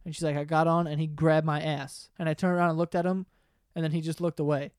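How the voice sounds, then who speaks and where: A man's voice: fairly high pitch, fast, clean tone, dry recording, studio quality. Young man telling stories, laughing. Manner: animated, laughing, swears freely, acts out other people's lines. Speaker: podcast host. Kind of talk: casual storytelling among friends.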